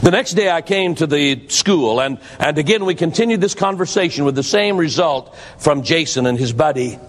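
A man preaches a sermon, telling a story dramatically and emphatically at a moderate pace, his expressive voice shifting pitch for effect. The recording carries a long hall reverb.

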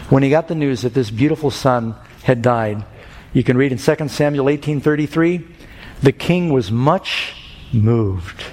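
A man's voice: medium pitch, measured pace, a little mellow. Man preaching an evangelistic sermon in a hall. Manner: storytelling, rising to impassioned calls. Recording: long hall reverb with faint music.

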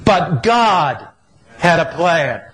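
A man delivers a sermon in a high voice. He preaches slowly and deliberately, building emphatic, repeated phrases. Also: sing-song, a bit bright, poor audio. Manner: emphatic repetitive cadence.

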